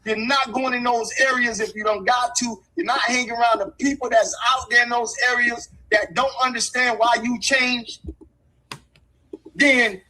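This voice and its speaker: A man's voice: very high-pitched, steady tone, moderate pace, bright, forceful tone, rough recording. A man talking in an impassioned, street-wise way, hammering his points with repetition like a lecture. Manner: emphatic and repetitive, preachy.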